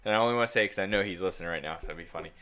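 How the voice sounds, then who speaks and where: A man co-hosting a podcast, telling a story in a relaxed, wry and slightly rambling way. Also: low-pitched, very fast. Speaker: podcast co-host. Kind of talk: casual chat.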